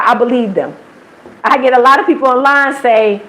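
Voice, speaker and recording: A woman with an American accent chats through a live stream in a slightly high voice. She tells stories in a lively way, mimics the people she quotes, and breaks into laughter often. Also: normal speed, poor audio. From United States. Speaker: livestream host. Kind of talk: casual livestream storytelling.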